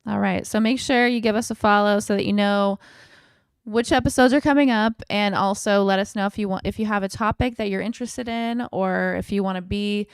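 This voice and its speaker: A woman co-hosting a casual podcast, talking in a loose, chatty way, full of fillers and quick laughs. Her voice is mid-pitched with a gravelly edge yet smooth underneath. The recording is dry and close. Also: steady tone, no room sound. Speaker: podcast co-host.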